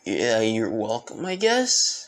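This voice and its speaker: A man voicing an anxious young male hero who stammers and yells in a fan-made story. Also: on the low side, wildly swooping pitch, slow, full character voice. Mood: confused. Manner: stammering, yelling. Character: anxious young male hero, polite but quick-tempered.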